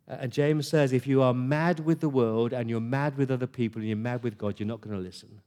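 Mellow-voiced man preaching a sermon. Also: mid-range voice, steady tone. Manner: earnest, conversational preaching with pauses and restarts.

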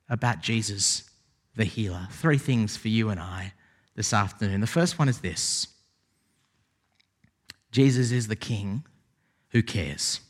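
A man preaching a sermon as pastor, animated and rising to emphatic exclamations. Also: mid-range voice. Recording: long hall reverb.

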